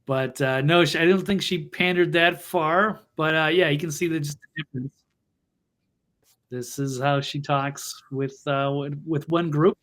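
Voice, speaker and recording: A man's voice: a little high, steady tone, a little slow, fairly bright tone. A man hosting a political talk show, commenting in a blunt, mocking way with lots of restarts and fillers. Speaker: show host.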